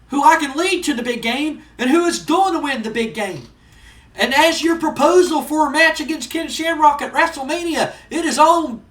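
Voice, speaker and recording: A man putting on the voice of a loud, gloating male wrestling manager who taunts and sneers. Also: very high voice, distant mic, voice pushed up, exaggerated voice. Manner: taunting, sneering, shouting insults. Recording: roomy, off-mic.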